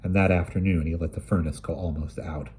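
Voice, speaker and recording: Male reader for a short story, low and husky, measured and expressive. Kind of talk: reading a short story aloud.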